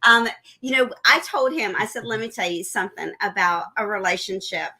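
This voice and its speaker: A middle-aged woman co-hosting a casual live stream, effusive and quick to laugh. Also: mid-range voice, sharp tone. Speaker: livestream co-host.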